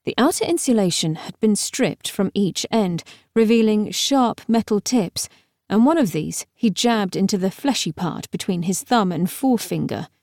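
Measured and expressive, a woman narrates a scripted audiobook in her mid-range voice. The audio is dry and studio quality.

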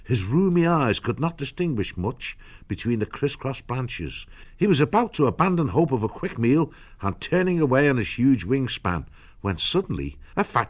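Man, audiobook narrator, measured storytelling, dull lo-fi sound. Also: medium pitch.

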